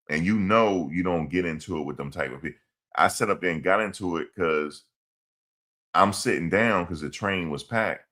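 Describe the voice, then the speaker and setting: A man's voice: low-pitched, fairly bright tone. A man streaming, rambling through a story in casual slang and repeating his phrases. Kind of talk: casual livestream commentary.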